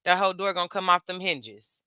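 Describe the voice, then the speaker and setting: A woman's voice: fairly low pitch, brisk, sharp tone, smooth, no echo. A middle-aged woman, a parent, talking casually as she reacts to a video, stressing points by saying them again and again. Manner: emphatic, repeats phrases for stress.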